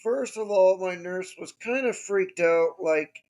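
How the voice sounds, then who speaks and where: A man hosting his own podcast, telling a story in a casual, drawn-out, wry way. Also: sits high, a little mellow. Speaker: podcast host.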